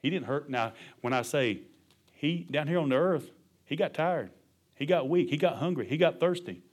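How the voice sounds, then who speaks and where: A middle-aged male pastor preaching a sermon, emphatic and colloquial, punctuating his points with amen and hallelujah. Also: mid-range voice.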